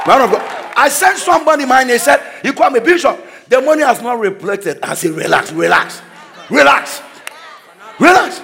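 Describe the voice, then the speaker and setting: High, lively preacher man. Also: brisk, gravelly, a faint crowd, a little hiss or hum. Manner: exclaiming declarations, swinging between soft asides and shouts. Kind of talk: energetic sermon with storytelling.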